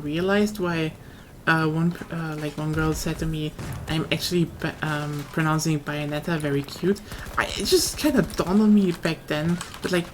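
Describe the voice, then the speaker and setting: A woman's voice: fairly low pitch, a little hiss or hum. A young woman with a German accent, chatting casually and rambling on a live stream, swearing now and then.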